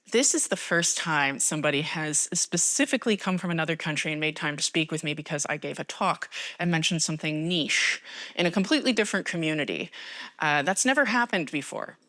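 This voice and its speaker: A woman's voice: on the low side, pushed and bright. An American woman, middle-aged, giving a conference talk on a stage mic in a large hall, chatty and rambling with self-deprecating asides. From United States. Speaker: conference speaker. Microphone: stage microphone.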